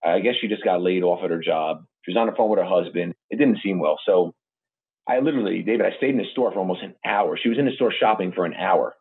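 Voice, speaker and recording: A man hosts a podcast, gushing and emotional as he tells his stories. He rattles along quickly in a husky voice. It all comes through a thin, phone-like line. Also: low-pitched. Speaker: podcast host. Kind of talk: interview podcast chat.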